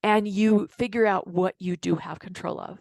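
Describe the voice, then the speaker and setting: A middle-aged woman, a dental hygienist and coach, telling a work story to an audience in a lively way, acting out what people said. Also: mid-range voice, moderate pace, gravelly, no room sound. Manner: storytelling, animated retelling with quoted dialogue. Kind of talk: casual talk to an audience.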